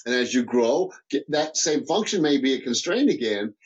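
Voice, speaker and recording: A man speaking as a guest business mentor in a casual interview, animated and full of restarts and repeated words. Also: mid-range voice, moderate pace, dull audio.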